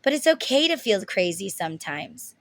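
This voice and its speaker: A woman's voice: mid-range voice, big pitch swings, moderate pace, no echo. A woman in her thirties giving a casual tarot reading, talking bluntly and emotionally and swearing freely. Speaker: tarot reader.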